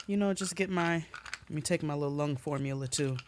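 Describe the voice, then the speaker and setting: A woman co-hosting a podcast in casual chat, playful and quick to laugh. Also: deep voice, noisy background. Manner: playful, laughs often, drawls out fun words. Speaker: podcast co-host.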